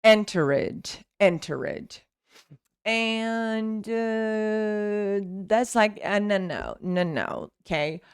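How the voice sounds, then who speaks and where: A woman's voice: mid-range voice, drawn-out words, clear, resonant tone, no echo, clean studio sound. A young Brazilian woman with a Brazilian Portuguese accent, hosting an English lesson and explaining pronunciation, repeating words as drills. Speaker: English teacher and channel host.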